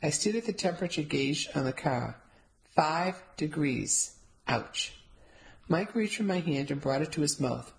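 A woman reading a first-person novel aloud in a steady, measured way. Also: low-pitched, low-quality recording. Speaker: audiobook narrator. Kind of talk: first-person audiobook narration.

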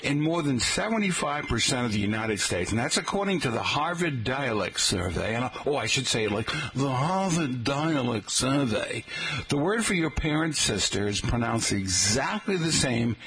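Male teacher with an average-pitched voice, folksy talk-radio delivery, spells words out and says "folks" a lot. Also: very animated, moderate pace, few pauses, fairly bright tone, breathy edge, low-quality recording. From Boston area, Massachusetts. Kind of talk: talk-radio style lesson on regional pronunciation.

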